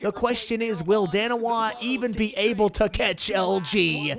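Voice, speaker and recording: A man with a high voice hosts a casual live-stream from his home studio. He talks into a desk mic, jokes around and swears freely. He drifts between chatting with viewers and calling the match. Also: moderate pace, creaky, a bit bright. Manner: jokey, swears, tries silly accents. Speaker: streamer hosting a watch party.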